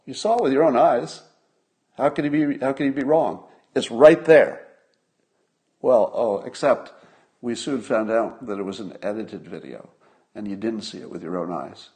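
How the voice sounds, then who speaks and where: A man's voice: on the low side, a little mellow. An older man giving solo commentary to his viewers in a conversational way, repeating points for emphasis and asking rhetorical questions. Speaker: host of a commentary stream.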